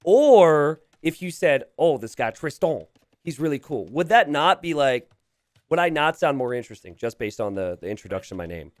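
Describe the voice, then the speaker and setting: A man's voice: on the high side, no room sound. A man casting a strategy game, joking with his co-caster and laughing often. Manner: animated, joking, quick to laugh. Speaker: esports caster. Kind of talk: live game commentary with banter.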